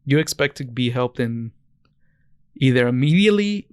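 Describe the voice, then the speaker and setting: A young man from the States chats on a podcast, wandering through anecdotes and restarting his sentences as he goes. His voice sounds smooth and clear. The mic is close and dry, with no room sound. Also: medium pitch, expressive, moderate pace, dry recording. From United States. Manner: rambling storyteller, restarts often. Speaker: podcast co-host. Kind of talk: casual chat.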